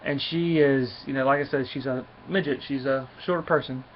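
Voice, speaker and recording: A man's voice: medium pitch, fairly even intonation, moderate pace. A man casually reviewing a comic book, rambling along with lots of fillers and restarts. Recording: dull lo-fi recording with faint hiss.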